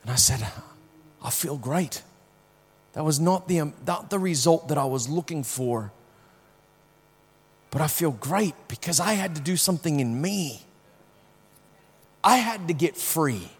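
A man preaching a sermon, telling a personal story with strong swings from hushed to loud, often repeating words as he starts sentences. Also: a little high, animated, measured pace, long pauses, slightly rough, big-room sound.

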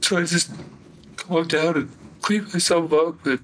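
A young man recounting events in a halting, flat way with many fillers, in a recorded interrogation. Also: fairly high pitch, a little hiss or hum, low-quality recording. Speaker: suspect giving a confession.

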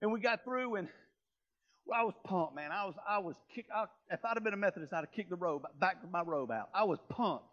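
A man preaching a sermon, telling a story and swinging between hushed and loud, fervent passages. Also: sits high, animated, brisk, highs cut off. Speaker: pastor.

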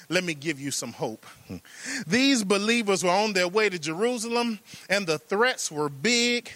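A preacher man with a high, bright, ringing voice. He builds rhythm through repeated phrases and stretched-out words, then breaks into folksy asides to the congregation. It's an emphatic, driving sermon delivery. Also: no echo.

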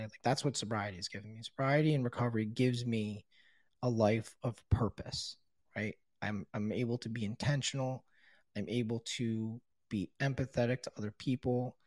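A middle-aged man tells his own story with blunt honesty, swearing freely and leaning on casual fillers. His voice sits at an ordinary pitch. The recording is dry, with no room sound around him. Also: no room sound. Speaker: guest sharing his recovery story. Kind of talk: candid personal storytelling.

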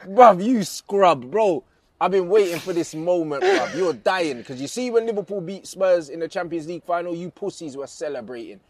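A man's voice: high-pitched, lively intonation, brisk, darkish tone. A man co-hosting a podcast, scornfully taunting rival football fans in casual banter that is full of swearing. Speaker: podcast co-host.

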